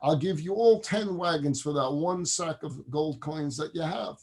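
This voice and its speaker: A man voicing a shrewd, hungry merchant making a slick sales pitch. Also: measured pace, a little mellow. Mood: persuasive. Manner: slick, persuasive.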